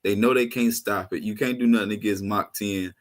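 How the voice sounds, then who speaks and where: A man hosting a live online class, chatting casually in a slangy, excitable way. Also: lowish voice, a little fast. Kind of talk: casual chat.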